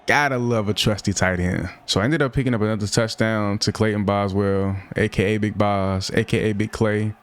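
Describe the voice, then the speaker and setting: Young male gaming streamer, slightly low voice, casual slang-heavy play-by-play with frustrated outbursts. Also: fairly even intonation, normal speed, few pauses, smooth. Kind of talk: live gameplay commentary.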